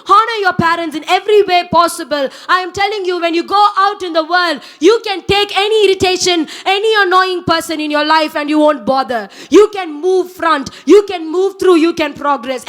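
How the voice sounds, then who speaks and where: High-voiced young woman preaching earnestly. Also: brisk, few pauses, a bit bright. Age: young adult. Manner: earnest, exhorting, with emphatic repeated lines. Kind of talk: sermon. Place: church.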